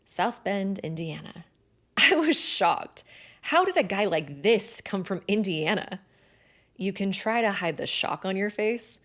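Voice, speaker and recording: A woman narrating a first-person romance novel in an expressive, animated way with breathy asides. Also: mid-range voice, unhurried. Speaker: audiobook narrator.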